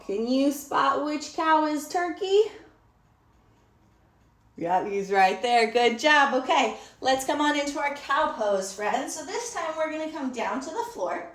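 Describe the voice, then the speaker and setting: A woman's voice: high-pitched, animated, unhurried, echoey room, distant mic. A woman teaching a storytime yoga lesson to children, encouraging them, asking them questions and praising them.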